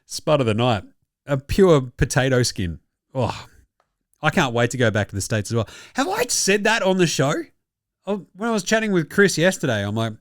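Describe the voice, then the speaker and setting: A man's voice: medium pitch, very animated, brisk, no echo, studio quality. A man with an Australian accent hosting a basketball podcast, delivering a profane, mocking comic rant and laughing at his own jokes. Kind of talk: sweary comic sports rant.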